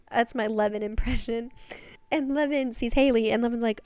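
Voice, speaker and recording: A young woman giving a chatty, sarcastic recap of a story series, full of quick asides and quoted lines. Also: on the high side, a little mellow, clean tone, no room sound. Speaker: recap vlogger. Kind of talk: casual recap commentary.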